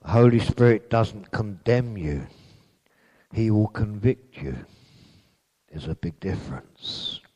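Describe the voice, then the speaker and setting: A man's voice: lowish voice, lively intonation, slow pace, pauses often, dark tone, muffled recording. A man preaching a sermon in an earnest way, building to emphatic peaks on repeated phrases.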